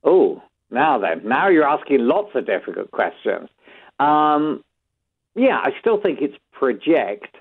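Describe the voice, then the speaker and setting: A British man reporting as a news correspondent, measured, with frequent fillers. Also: medium pitch, big pitch swings, breathy edge. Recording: tinny phone line.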